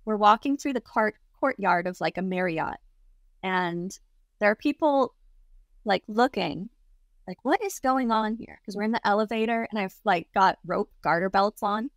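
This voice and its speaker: A woman's voice: mid-range voice, normal speed, no room sound, clean studio sound. A young adult woman, a guest on an interview show, telling a personal story casually and filling it with lots of "like". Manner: chatty, heavy use of "like" fillers.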